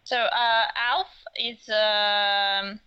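Slow, bright-voiced woman. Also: mid-range voice, flat delivery, clean tone. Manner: slow, halting plot recap with uhs. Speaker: podcast co-host recapping the episode. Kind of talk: casual chat. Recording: dull lo-fi sound.

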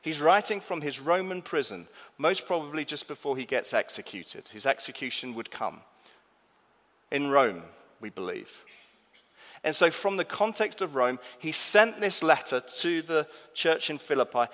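A man's voice: a little high, expressive, normal speed, a bit bright. Male pastor, emphatic sermon delivery, questioning tone, church hall with long echo. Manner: emphatic, asks the congregation questions.

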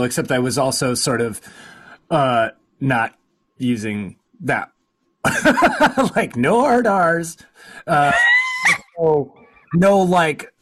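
A man in his forties, a podcast host, talking casually and rambling in a self-deprecating way, often laughing at himself, on a home studio mic. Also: mid-range voice. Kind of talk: casual conversation. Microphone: home studio mic with a makeshift sound booth.

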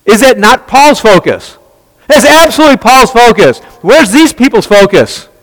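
A man's voice: very high-pitched, very animated, normal speed, in a large hall, poor audio. A man teaching a Bible study, asking rhetorical questions and answering them himself, often restarting and repeating words.

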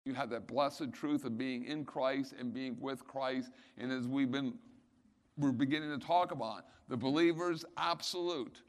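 A man preaching a sermon, teaching Bible verses emphatically, asking rhetorical questions and swelling to loud, stressed points. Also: medium pitch, a little slow. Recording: long hall reverb.

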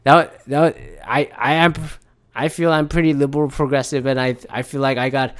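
A man's voice: mid-range voice, steady tone, normal speed, clear, resonant tone. A man talks alone into his podcast mic in a loose, rambling monologue. He swears freely and restarts his sentences often. He keeps breaking off into exasperated rhetorical questions. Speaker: podcast host. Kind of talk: casual solo podcast monologue.

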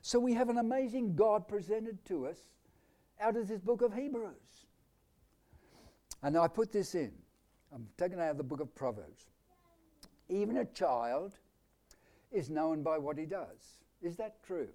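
A man with an Australian accent preaching a live sermon, quizzing his congregation with questions and swinging between loud declarations and quiet asides. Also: high voice, lively intonation, unhurried, long pauses.

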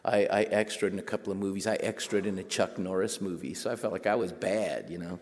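A man telling a lively personal story to a group as a writer, acting out quoted voices and laughing as he goes. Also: deep voice, fast, hardly any pauses, long reverb tail. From Mexico border region. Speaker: writer giving a talk.

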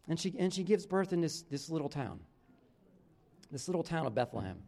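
High-voiced casual pastor preaching. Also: male voice, sing-song, fairly quick, creaky, warm tone. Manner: casual, conversational preaching with many restarts and "like". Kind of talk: sermon.

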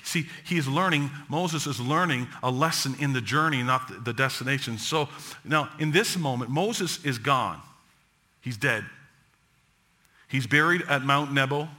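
A man preaching a sermon to his congregation, shifting between emphatic lines and low, quiet passages. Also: a little slow. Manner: dramatic preaching, drops low and soft for quoted words of God; joking with the congregation. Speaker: pastor.

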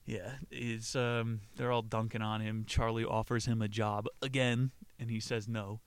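A man's voice: mid-range voice, little pitch movement, normal speed, clear, resonant tone, no room sound. A man hosting a podcast, retelling a play in a casual, profane way and laughing as he acts out the characters' lines. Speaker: podcast host.

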